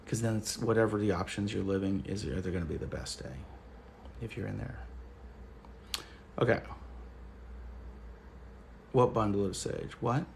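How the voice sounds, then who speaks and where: A man's voice: lowish voice, normal speed, creaky, pauses often, slight background noise. A man hosting a casual livestream, chatting loosely and joking while reading comments. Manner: laid-back, joking, chatty. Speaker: livestream host.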